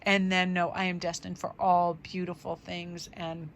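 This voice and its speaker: A woman's voice: fairly low pitch, little pitch movement, a little slow, a little hiss or hum. A woman doing a casual tarot vlog, chatty and upbeat, rambling with fillers through affirmations, her voice a little tired. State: voice tiring. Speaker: tarot reader.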